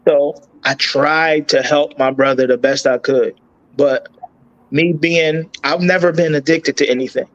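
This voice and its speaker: A man telling a painful personal story as an interview guest, choked up and halting, with many restarts and repeated words. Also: on the high side, steady tone, a bit bright, dull audio.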